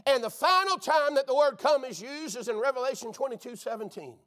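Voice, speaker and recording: Speaking fairly quickly in an extremely high pitch, a man delivers a fervent sermon. He breaks into shouts and calls out to his listeners as "dear friend."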